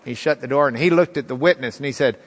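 A man in his fifties teaching a Bible class in a conversational, halting way, with many ums and restarts. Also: mid-range voice. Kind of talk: storytelling lecture. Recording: long reverb in a large room.

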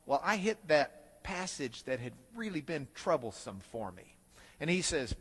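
Animated storytelling man in a reverberant hall. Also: medium pitch, normal speed, husky. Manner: animated, self-deprecating storyteller. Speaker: Bible teacher. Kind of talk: storytelling lecture.

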